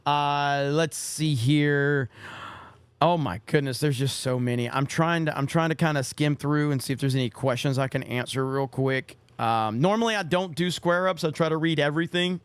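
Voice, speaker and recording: Hoarse man reading live chat. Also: on the high side, no room sound. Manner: rambling, reads viewer messages aloud with quick asides. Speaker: livestream host.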